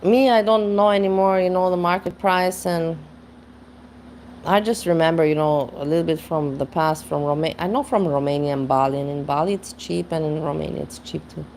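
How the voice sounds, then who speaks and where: Woman host chatting over a clip, kinda low voice, wandering musing tone. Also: brisk, darkish tone, slight background noise. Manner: musing, rambling, chuckles at her own jokes. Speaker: reaction channel host. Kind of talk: casual reaction commentary.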